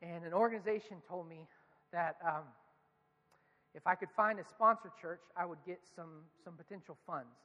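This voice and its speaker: High-voiced pastor preaching in a hall. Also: male voice, moderate pace, pushed and bright. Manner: earnest, questioning the congregation. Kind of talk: sermon. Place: church.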